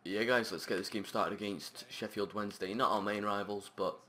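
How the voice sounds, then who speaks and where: A man commentating his own football video game match, chatting along and breaking into shouted, sweary outbursts at the play. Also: on the low side, fairly even intonation, fairly quick, slight background noise. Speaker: gaming channel host.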